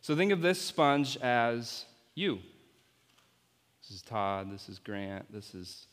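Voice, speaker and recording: A man's voice: mid-range voice, very animated, slow, a bit bright. Playful man preaching in a reverberant hall. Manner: playful, coaching volunteers on stage. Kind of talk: object-lesson sermon with volunteers.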